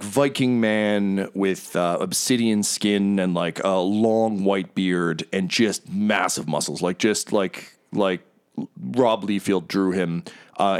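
A man narrating as game master, halting and full of ums. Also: deep voice, clean tone.

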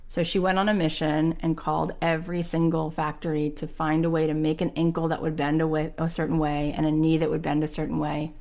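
Woman, podcast host, motivational storytelling, lowish voice, emphatic. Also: level tone, fairly quick, creaky, few pauses, darkish tone. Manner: passionate storytelling with acted-out quotes. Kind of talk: motivational monologue.

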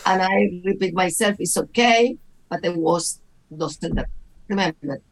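A woman's voice: lowish voice, a little slow, low-quality recording. A middle-aged woman, a guest and mother, telling stories expressively in a casual chat, with non-native grammar.

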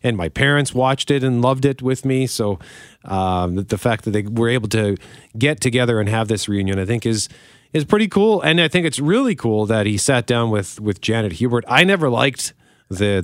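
A man's voice: mid-range voice, moderate pace, dry recording, studio quality. Chatty man co-hosting an entertainment podcast. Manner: relaxed, chatty, with fillers. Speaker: podcast co-host. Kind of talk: casual entertainment chat.

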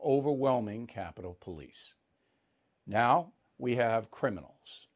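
An older man hosting a live news commentary show, speaking in a measured, deliberate way with firm emphasis. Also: mid-range voice, sing-song.

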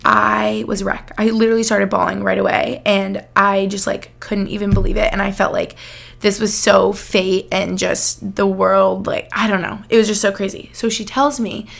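Young American woman podcast host, gravelly fry, chatty rambling storyteller. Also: medium pitch, normal speed. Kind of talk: casual chat.

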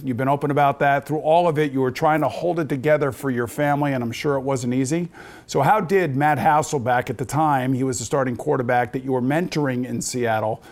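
Measured male sports talk host. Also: medium pitch. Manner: measured, sympathetic questioning. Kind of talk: interview questions with scripted setup.

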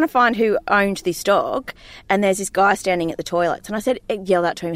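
A woman's voice: mid-range voice, a little fast, no echo. Chatty woman telling blunt stories. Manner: chatty storyteller, acts out quotes, blunt and indignant. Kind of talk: casual chat.

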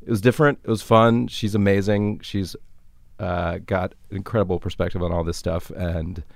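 A man hosting a podcast in casual chat, relaxed and thoughtful, pausing often with fillers. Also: sits low, creaky, no echo. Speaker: podcast host.

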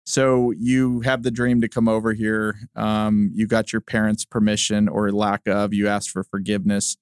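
A man interviews a guest on a podcast with a low, dry, close-miked voice. He asks loose, curious questions, rephrasing as he goes and laughing easily along with his guest. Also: little pitch movement, moderate pace, clean tone, no echo. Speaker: podcast host. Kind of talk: casual interview chat.

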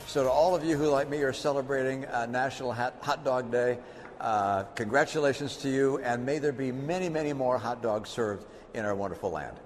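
A man's voice: medium pitch, brisk, few pauses, a little hiss or hum. A man giving stiff, formal, earnest remarks in a played clip. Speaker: politician in archive clip.

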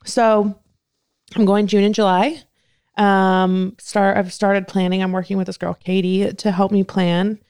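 A woman's voice: mid-range voice, level tone, measured pace, a little mellow, clean tone, no echo, studio quality. A young woman from California, chatting casually and bubbly as a podcast co-host, laughing often. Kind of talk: casual chat.

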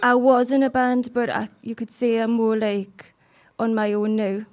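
A Geordie pop singer in her thirties, as a woman puts her on, dodges each question with coy, drawn-out answers. Her voice sits a little high, and she leans on "like" between phrases. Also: flat delivery, darkish tone, natural voice. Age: 30s. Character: female pop star impersonation, coy and evasive.

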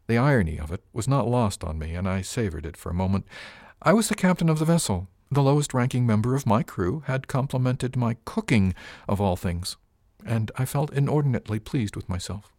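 A man narrating a first-person audiobook in a measured, even storytelling manner. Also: mid-range voice, no echo, clean studio sound.

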